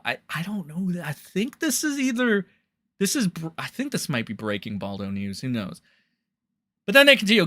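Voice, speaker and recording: A man's voice: high-pitched, very animated, normal speed, pushed and bright. A young man hosting a livestream, rambling and swearing as he comments on online drama and talks to his chat.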